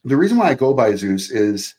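A Canadian man, an actor guesting on a podcast, talks in a mid-range voice at a fairly quick clip. He chats casually and animatedly, telling stories, swearing freely and slipping into put-on accents.

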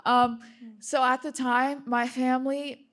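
A young woman born in Russia, a native Russian speaker, gives a personal testimony with a fairly high voice. She talks slowly and in halting bits. She stops often to apologize and laugh nervously. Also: level tone, fairly bright tone.

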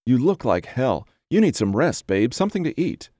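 A man voicing a frightened young woman who lies through tears, speaking higher and trembling. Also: big pitch swings, moderate pace, dark tone, no echo, clean studio sound. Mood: worried.

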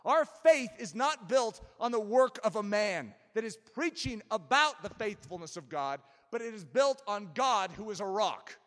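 A man preaching an impassioned sermon as pastor, building to forceful emphasis. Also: high voice, sing-song, normal speed, few pauses, long reverb tail.

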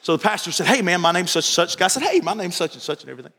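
In a church sanctuary with a reverberant hall sound, a male pastor delivers an evening sermon in a high, sharp voice with big pitch swings and rapid-fire delivery. He tells folksy stories, repeats his phrases, and acts out dialogue.

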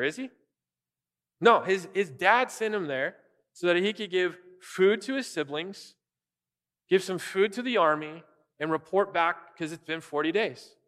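A man preaching an earnest, animated sermon as pastor, often restarting his phrases. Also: high voice, long reverb tail.

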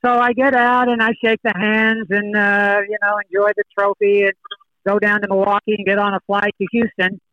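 An older man, a golfer, telling animated stories as a guest in a podcast interview. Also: high voice, normal speed, no room sound, dull audio. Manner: storytelling, animated.

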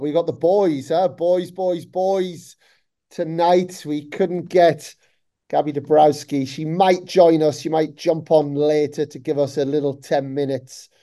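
Smooth-voiced tired male podcast host. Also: a little high, steady tone, measured pace, dark tone. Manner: upbeat, talks in long run-on lists. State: tired after a long flight. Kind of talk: casual chat.

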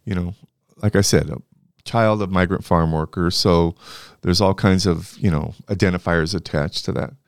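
A man's voice: low voice, fairly even intonation, normal speed, clear, resonant tone, no room sound, clean studio sound. A middle-aged man from California speaking in an interview, telling reflective stories with frequent restarts and fillers. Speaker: university leader being interviewed. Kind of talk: reflective storytelling.

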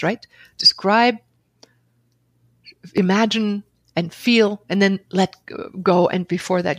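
A middle-aged woman, a guest on a podcast, telling a personal story in an animated way, laughing often and acting out her own inner dialogue. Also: mid-range voice, gravelly, breathy edge, no room sound. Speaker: podcast guest, author and seminar leader.

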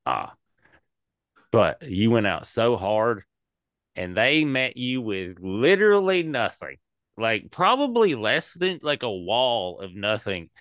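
A man's voice: mid-range voice, slow pace, clear, resonant tone, no room sound, studio quality. A man co-hosting a podcast, rambling and swearing in casual chat about comedy shows. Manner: rambling, animated, swears a lot.

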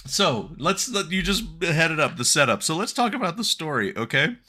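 A man hosting a casual film review chat, wry and quick to laugh. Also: on the high side, very animated, sharp tone. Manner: wry, laughs often, talks through a plot summary. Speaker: podcast host reviewing a film.

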